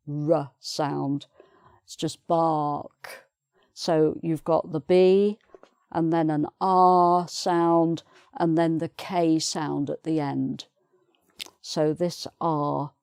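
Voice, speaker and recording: British lady teaching pronunciation, slow and patient, repeats words, kinda low voice. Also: darkish tone, no room sound, studio quality. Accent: British English. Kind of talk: pronunciation lesson.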